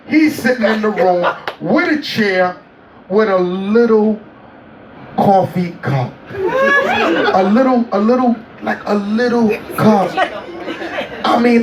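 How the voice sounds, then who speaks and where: A man as an interview guest, telling a story in a casual, animated way, laughing and acting out quotes. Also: high-pitched. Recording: roomy, distant mic, faint noise.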